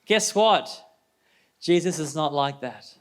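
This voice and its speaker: A middle-aged pastor delivers a sermon in an energetic, conversational way. His voice sits a bit high for a man. He keeps asking the congregation questions. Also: slow.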